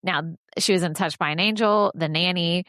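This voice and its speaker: Lady podcast host rambling through a story, lively, lots of laughs, dry close sound. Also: fairly low pitch, normal speed, dry recording. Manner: animated storyteller, laughs often. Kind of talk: casual chat.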